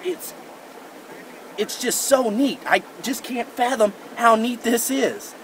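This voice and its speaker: A man's voice: very high-pitched, expressive, takes it slowly. Young man, mock nature guide, rambling fake-expert delivery, recorded outdoors on a noisy camera mic. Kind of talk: goofy deadpan nature-show parody. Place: outdoors in woods and rocky creek bed. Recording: outdoor camera audio with noise.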